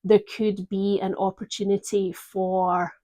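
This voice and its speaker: Soft-spoken woman reading tarot. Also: mid-range voice, flat delivery. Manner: gentle, reflective, with pauses and fillers. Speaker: tarot reader.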